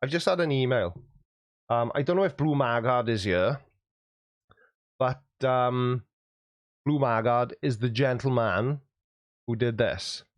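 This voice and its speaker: A man hosts a live chat and reads viewer comments in a jokey, self-deprecating way. His voice sits at an ordinary middle pitch and sounds close and dry. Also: unhurried, pauses often, no room sound. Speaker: YouTube host.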